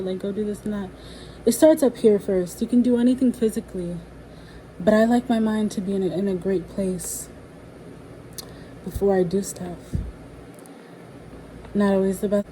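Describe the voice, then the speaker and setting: A young woman in a casual, rambling monologue, speaking candidly with frequent swearing and laughter, a little low on energy. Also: mellow, a little hiss or hum, rough recording. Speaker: spiritual vlogger and musician.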